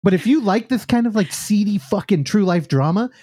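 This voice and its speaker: Podcast guy retelling a show, swears a lot, does all the voices, super lively. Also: sits high, a little fast. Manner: animated, profane, acts out characters' lines. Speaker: podcast co-host. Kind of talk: casual recap of a show.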